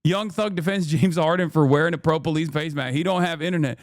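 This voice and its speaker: A man streaming casual commentary, incredulous and profane, with frequent loud exasperated outbursts. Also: a little high, fast talker, no echo, studio quality. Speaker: streamer reacting to news.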